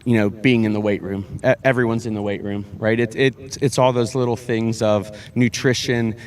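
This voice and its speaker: A man, a high school football head coach, talking earnestly in a sports interview, often repeating words and restarting with fillers. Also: steady tone, moderate pace.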